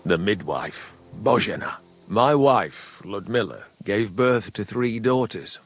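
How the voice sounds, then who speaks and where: An actor voicing a middle-aged village father in a medieval game, slow and brooding, grieving and bitter with angry bursts. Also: fairly low pitch, lively intonation, no room sound, heavily acted. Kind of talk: voiced game dialogue.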